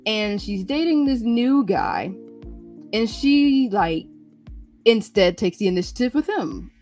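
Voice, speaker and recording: A woman hosting a live radio stream, chatting casually and animatedly, sometimes jumping into quick acted lines. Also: on the high side, faint music behind. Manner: animated, acts out characters' lines in quick bursts. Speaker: radio show host. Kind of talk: casual chat recapping manga.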